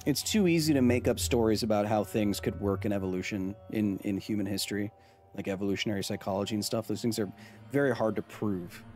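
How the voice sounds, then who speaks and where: Lower-voiced man casually streaming a game. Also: fast, darkish tone. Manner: rambling, joking, talking to chat. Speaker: streamer and science host. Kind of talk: casual live-stream gameplay chat.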